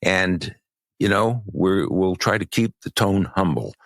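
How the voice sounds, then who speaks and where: A man co-hosting a podcast, talking in a measured, halting way with many restarts, and losing his voice. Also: low-pitched, gravelly, fairly bright tone, dry recording. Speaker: podcast co-host. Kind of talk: podcast conversation.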